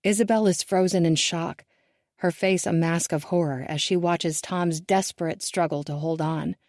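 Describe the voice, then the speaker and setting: A woman narrating a first-person thriller audiobook in a measured, hushed and tense manner. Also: on the low side, fairly even intonation, no echo, studio quality.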